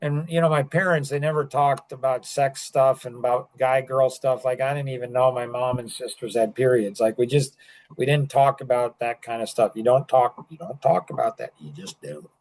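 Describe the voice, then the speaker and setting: A man's voice: mid-range voice, normal speed, a little mellow. Older man rambling in casual chat. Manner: rambling, filler-heavy, with many restarts. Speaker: podcast host.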